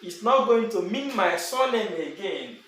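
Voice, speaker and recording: A man whose first language is Igbo, teaching a language lesson and slowly repeating example words. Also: high-pitched, expressive, fairly bright tone. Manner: slow and repetitive, drawing out example words. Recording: very echoey room with faint background noise.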